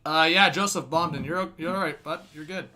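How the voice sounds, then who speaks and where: A young man calling a hockey game play by play from a live stream, laughing often and shouting when the action heats up. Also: fairly high pitch, fairly quick, a little hiss or hum. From Canada. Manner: laughs often, bursts into loud excited shouts on big plays. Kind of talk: live fan play-by-play commentary.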